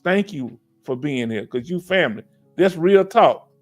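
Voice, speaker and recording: On a casual veterans' live stream, the middle-aged host with a Southern US accent goes through viewer comments, animated and preachy, often asking "you understand?". His voice is on the high side and measured in pace, over soft background music.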